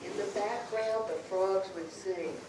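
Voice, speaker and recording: A woman storyteller telling a folktale live to an audience, with dramatic, drawn-out phrasing. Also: medium pitch. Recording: echoey room, far mic, background noise.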